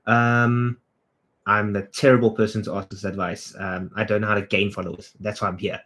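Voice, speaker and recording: Low-voiced man chatting on a livestream. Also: flat delivery, moderate pace, a bit bright. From South Africa. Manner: chatty, greets viewers and answers their comments off the cuff. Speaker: creative director hosting a livestream. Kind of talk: casual livestream chat.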